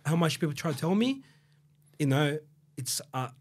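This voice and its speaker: A fairly high male voice with big pitch swings and a breathy edge moves at a moderate pace. The speaker, from Brazil but raised in Australia with an Australian accent, tells his story on a podcast in a casual interview, rambling with frequent swearing and fillers.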